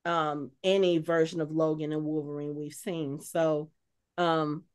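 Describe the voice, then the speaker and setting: A woman's voice: deep voice, little pitch movement, unhurried, darkish tone, smooth. A woman co-hosting a podcast in casual chat, thinking aloud with many filler words and restarts. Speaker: podcast co-host.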